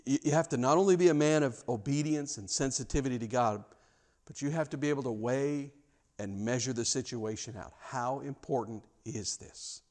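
A man's voice: mid-range voice, normal speed, darkish tone. A man preaching a sermon in a church, speaking earnestly with frequent stammered restarts. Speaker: pastor.

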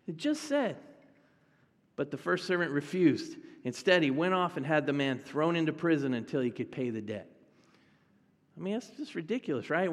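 A man's voice: a little high, big-room sound. A male pastor preaching a sermon in a conversational way, talking directly to his congregation.

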